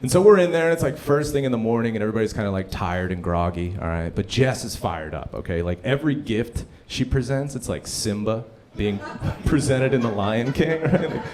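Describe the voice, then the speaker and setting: A man doing live stand-up on a comedy club stage, telling stories in an animated, profane way with frequent asides to the crowd. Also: lowish voice, brisk, few pauses, slight background noise.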